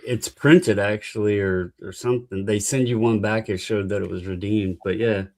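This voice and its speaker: Low-voiced man telling a rambling story. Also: steady tone. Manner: rambling, halting storyteller with restarts. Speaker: podcast guest. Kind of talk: casual podcast chat.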